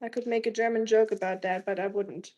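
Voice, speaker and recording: A woman's voice: medium pitch, fairly even intonation, a little fast, a little mellow, rough recording. A woman live streaming as she cooks in her home kitchen, chatting casually, greeting viewers by name and making teasing jokes. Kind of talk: casual live-stream chat while cooking.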